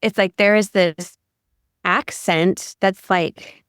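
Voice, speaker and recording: A woman's voice: medium pitch, fairly even intonation, takes it slowly, clear, resonant tone, no echo, clean studio sound. A middle-aged woman from Ohio co-hosting a podcast, chatting casually and rambling with many "like"s. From Ohio, USA. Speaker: podcast co-host. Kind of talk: casual conversation.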